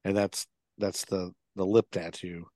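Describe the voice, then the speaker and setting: A man's voice: sits low, flat delivery, unhurried, mellow, no room sound, studio quality. A man co-hosting a podcast, casually recapping a film plot with lots of fillers and restarts. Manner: rambling, with many fillers and restarts. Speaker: podcast co-host.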